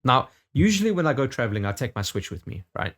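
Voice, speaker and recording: A man's voice: medium pitch, big pitch swings, quick pace, fairly bright tone. A man in his thirties from the UK, co-hosting a casual podcast chat, rambling with lots of restarts and casual swearing. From United Kingdom. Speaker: podcast co-host.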